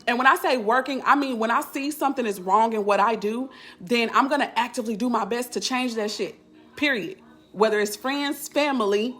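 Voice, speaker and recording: Woman, life coach, live-stream chat, candid, blunt, slangy, slightly high voice. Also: a bit bright.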